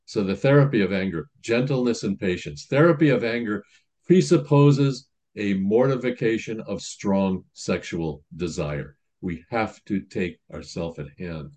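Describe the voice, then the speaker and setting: A man's voice: fairly low pitch, unhurried, a little mellow. A man priest giving a sermon in a conversational teaching manner, reading quotations aloud and explaining them.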